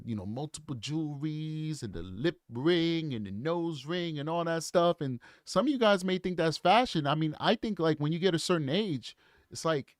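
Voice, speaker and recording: A man's voice: on the high side, dry recording, clean studio sound. A man in his forties giving casual, opinionated commentary straight to his viewers. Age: 40s. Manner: opinionated, talks straight to the audience. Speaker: true crime commentator.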